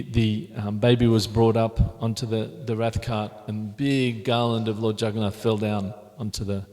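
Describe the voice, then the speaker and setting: A man's voice: mid-range voice, a little mellow. Man giving a temple class, reverberant hall. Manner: conversational, many restarts, reflective. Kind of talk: scripture class talk with slides.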